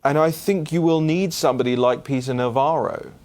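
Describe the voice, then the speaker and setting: A young adult man hosting a political commentary show, answering listener questions in a casual, animated way, often restarting and repeating words. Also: on the high side, brisk.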